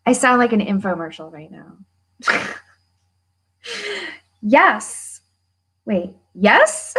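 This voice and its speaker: A woman hosting a casual livestream, chatting with viewers and reading a workbook aloud with lively emphasis, laughing and swearing freely. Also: medium pitch, slow pace, pauses often, slightly rough. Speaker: host of a money-mindset livestream.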